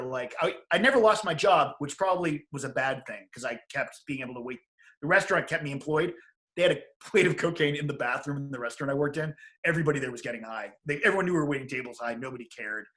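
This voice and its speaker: Bright-voiced man telling his story. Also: mid-range voice. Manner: animated, acts out quoted voices. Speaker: guest. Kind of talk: casual interview storytelling.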